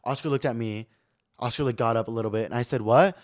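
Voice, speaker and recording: A man's voice: medium pitch, fairly even intonation, fast. A man hosting a podcast, telling a rambling, gossipy story in casual chat and filling it with "like". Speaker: podcast host.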